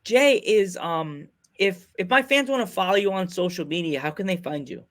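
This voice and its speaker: Excitable high-voiced man hosting a podcast. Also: moderate pace. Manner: excitable, rambling storyteller. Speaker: podcast host. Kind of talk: casual chat.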